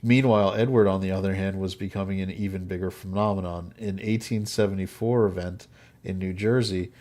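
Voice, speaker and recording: A man's voice: deep voice, fairly even intonation, fairly quick, a little mellow. A man hosting a podcast, telling a history story in casual chat and often laughing at his own jokes. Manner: laughs often, jokey asides. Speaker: podcast host.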